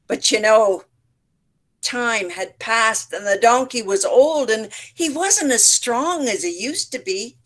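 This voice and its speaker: Slow, expressive woman storyteller. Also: a little high. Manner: expressive, acts out voices and sounds. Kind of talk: participation storytelling for teachers. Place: home setup, online session. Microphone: video call.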